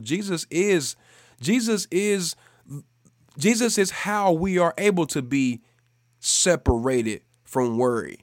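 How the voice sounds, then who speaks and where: A man preaching a devotional sermon for a podcast, emphatic and repeating key phrases for stress, speeding up and slowing down to drive points home. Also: a little high, no room sound, clean studio sound.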